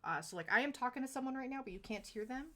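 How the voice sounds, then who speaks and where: A young adult woman streaming live, chatting casually and rambling through stories with lots of "like" and quick laughs. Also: high-pitched, expressive, sharp tone.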